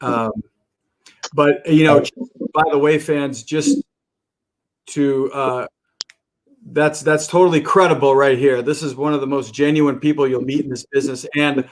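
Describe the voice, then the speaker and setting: A man's voice: medium pitch, fairly even intonation, unhurried, pauses often. A man hosting a casual podcast interview, eager and often restarting his sentences.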